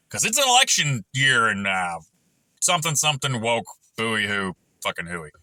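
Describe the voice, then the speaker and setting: Crude ranting man, bright dry voice. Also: on the low side, very animated, moderate pace, no echo. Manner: crude, ranting, swears constantly, jumps between tangents. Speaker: machinist vlogger. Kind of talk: profane rambling monologue.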